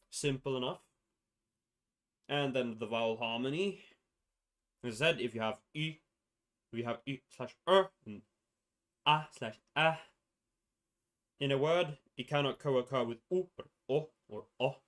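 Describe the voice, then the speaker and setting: A man's voice: medium pitch, unhurried, long pauses. A young man casually explaining a constructed language's sound rules on a livestream, rambling and correcting himself as he goes. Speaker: streamer presenting a constructed language.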